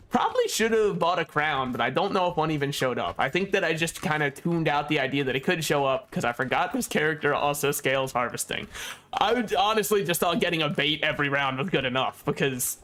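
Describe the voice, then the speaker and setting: A man's voice: on the high side, brisk, a bit bright. A young man casually commentating a game he is playing, rambling and joking with frequent laughs. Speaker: gaming YouTuber.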